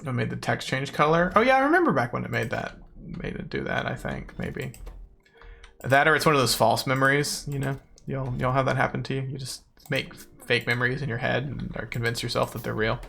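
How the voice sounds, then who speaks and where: A man's voice: mid-range voice, fairly quick, creaky, sharp tone. A young man streaming a game, chatting casually and rambling playfully with meme phrases while he plays. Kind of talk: casual gaming stream chat. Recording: faint music behind.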